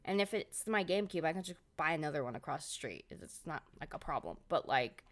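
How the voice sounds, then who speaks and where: Low-voiced and expressive, a woman speaks at a brisk clip. She's a game streamer casually chatting live, swearing and rambling as she lets off her exasperation.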